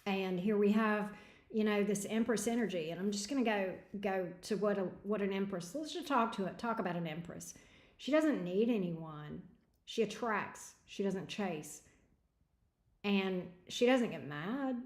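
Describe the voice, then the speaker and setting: A woman's voice: mid-range voice, unhurried, a little mellow, roomy sound. A woman giving a livestream tarot reading in a frank, chatty way with casual slang. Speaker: tarot reader.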